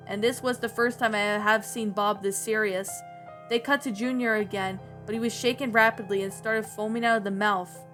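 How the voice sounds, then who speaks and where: A woman reading a creepy story aloud in a plain, slightly halting way. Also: mid-range voice, a bit bright.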